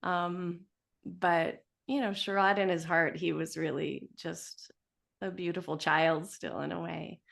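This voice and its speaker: This woman talks in a low, gravelly voice and fills her stories with easy chatter and fillers. She laughs often as she shares warm personal memories in a casual way. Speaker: yoga teacher sharing memories of her teacher. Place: yoga studio, indoors.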